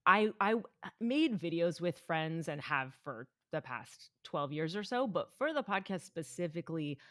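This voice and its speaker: Playful low-voiced woman guest. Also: normal speed, no room sound, studio quality. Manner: playful, flirty and animated. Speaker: podcast guest. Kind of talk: casual podcast chat. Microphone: remote call from home.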